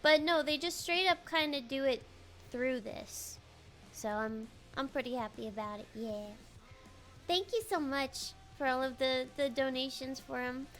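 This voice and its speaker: A young woman streamer chatting casually on a live stream, rambling and halting, often repeating her words. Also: sits high, a bit bright.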